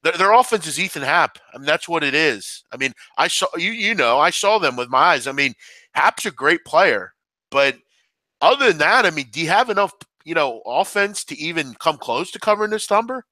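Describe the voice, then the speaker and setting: A man hosting a sports betting show, talking picks in an animated, excitable way full of shout-outs. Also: a little high, fairly quick, no room sound. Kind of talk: betting analysis chat.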